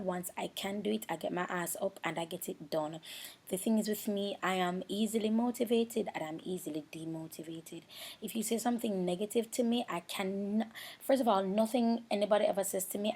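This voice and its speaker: A woman's voice: medium pitch, moderate pace, a little mellow, breathy edge. A woman with a Jamaican accent talking through a makeup voice-over, candid and rambling, sometimes close to tears. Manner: candid, rambling, emotional and self-searching. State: near tears at times. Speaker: beauty vlogger. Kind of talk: confessional voice-over chat.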